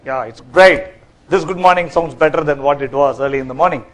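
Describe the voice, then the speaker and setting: A man gives a corporate training talk from a workshop stage, lively and quizzing his audience. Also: on the high side, brisk, poor audio. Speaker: workshop speaker.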